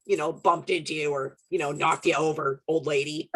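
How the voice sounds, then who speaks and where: A young adult woman from Canada hosting a podcast, telling stories in a casual, animated way, swearing and laughing often. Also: deep voice, a little fast, hardly any pauses. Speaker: podcast host. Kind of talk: casual chat.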